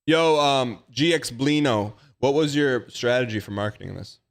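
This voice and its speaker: A man's voice: medium pitch, moderate pace, gravelly. A man hosting a live game stream, chatting casually and repeating phrases as he talks straight to his viewers. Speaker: live-streaming gamer host. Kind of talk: casual live-stream chat while gaming.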